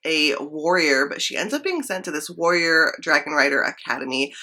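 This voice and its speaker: A woman's voice: low-pitched, animated, moderate pace, sharp tone. A young woman chatting casually and enthusiastically about upcoming books, often saying "like" as she goes. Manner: chatty and enthusiastic, frequent "like" fillers. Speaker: book vlogger. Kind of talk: casual chat.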